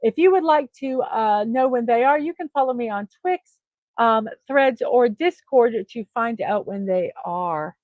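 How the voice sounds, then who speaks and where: A woman's voice: a little high, measured pace, no echo, phone-quality sound. A woman hosting her own morning livestream, chatting in a friendly way with many ums and uhs. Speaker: livestream host. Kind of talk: casual livestream chat.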